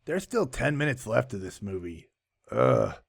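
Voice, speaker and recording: A man giving a sarcastic comic recap of a movie, with deadpan asides. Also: medium pitch, a little slow, vocal fry, husky. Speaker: movie reviewer.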